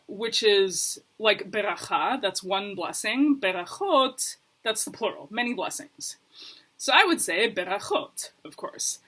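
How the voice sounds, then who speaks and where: A woman's voice: medium pitch, bright, forceful tone. A woman teaching a casual video lesson, chatty and self-deprecating, laughing often. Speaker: Hebrew teacher. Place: lived in Brooklyn.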